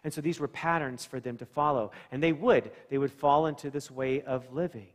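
A male pastor delivers a conversational sermon in a large church sanctuary, speaking fairly quickly at a medium pitch with fairly even intonation. He asks the congregation questions and acts out scenes.

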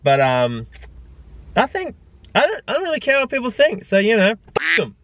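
A man's voice: high-pitched, wildly swooping pitch, moderate pace, a bit bright, no echo. A man with an Australian accent, talking casually to a handheld camera in his car as a first-time vlogger, rambling and joking at his own expense. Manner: rambling, joking, self-mocking. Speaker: personal trainer vlogging his day.

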